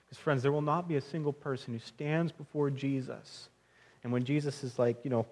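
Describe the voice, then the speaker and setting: A man's voice: on the high side, fairly quick, a little mellow. Earnest young male pastor preaching. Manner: earnest, conversational preaching with frequent restarts and direct address to friends. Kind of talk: sermon.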